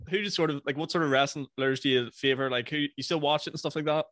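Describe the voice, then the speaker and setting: A man's voice: fairly high pitch, fairly even intonation, quick pace, a bit bright, no room sound, clean studio sound. A man hosting a podcast, chatting casually, laughing a lot and swearing freely. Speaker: podcast host. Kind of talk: casual chat.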